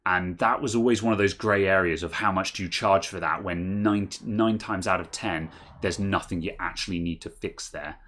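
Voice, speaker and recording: A man's voice: moderate pace, few pauses, a bit bright. A man from England co-hosting a casual chat, telling rambling anecdotes from his old computer shop. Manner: rambling anecdotes, shifts to high exaggerated voices when quoting. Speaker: co-host, former computer shop owner.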